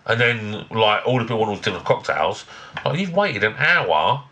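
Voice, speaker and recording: A man co-hosting a podcast, ranting quickly and bluntly with plenty of swearing. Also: lowish voice, big pitch swings, noisy background. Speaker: podcast co-host. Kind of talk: casual chat.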